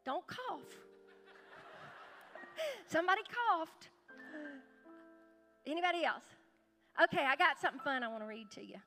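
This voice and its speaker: A woman's voice: sits high, sing-song, measured pace, long pauses, soft background music. A woman pastor, chatty and calling out to the congregation as she welcomes visitors at a church service. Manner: chatty, warm-hearted, calls out to the crowd.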